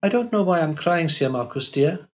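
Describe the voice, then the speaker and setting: A male audiobook reader voicing an impulsive, tender young woman in a quick, pleading, raised voice. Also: on the high side, animated, pitched above the performer's own voice, lightly acted. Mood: wistful. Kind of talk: audiobook character voice. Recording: dull lo-fi recording.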